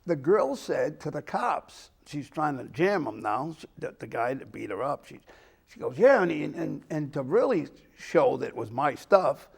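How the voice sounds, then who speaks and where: A gravelly older man spins a rambling story as host of a local talk show. His voice sits a little high for a man and keeps acting out what others said. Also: big pitch swings, moderate pace. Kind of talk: casual storytelling chat.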